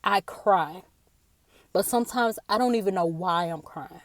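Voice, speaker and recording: A woman's voice: mid-range voice, no room sound. Earnest woman sharing a faith testimony. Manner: earnest, halting, repeats words. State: tearful after a day of crying. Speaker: faith speaker. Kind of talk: personal devotional talk.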